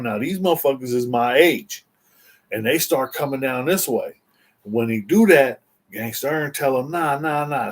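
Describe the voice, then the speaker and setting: A man's voice: medium pitch, breathy edge. A man casually telling a story in slangy street talk, rambling with restarts and constantly checking in with the listener. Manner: slangy street talk, constantly saying "you know what I'm saying"; rambling with restarts and repeated words. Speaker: interview guest telling a story.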